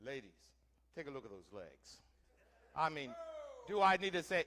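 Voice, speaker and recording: A man's voice: fairly high pitch, big pitch swings, moderate pace, pauses often, pushed and bright. A man doing a first-person historical reenactment for a live audience, playing a wagon teamster and quizzing listeners with questions in a theatrical way. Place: church hall, before an audience.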